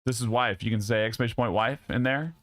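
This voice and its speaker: A man's voice: mid-range voice, quick pace, a bit bright. A young man hosting his live stream, chatting casually and loosely with lots of restarts and swearing. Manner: loose, profane, rambling with many restarts. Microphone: studio dynamic mic.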